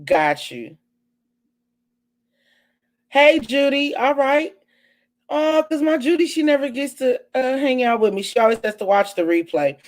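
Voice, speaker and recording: A woman's voice: sits high, measured pace, pauses often. Chatty woman hosting a live stream. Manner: animated, chatty, exclamatory asides. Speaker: host of a live online show. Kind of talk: casual live-stream chat.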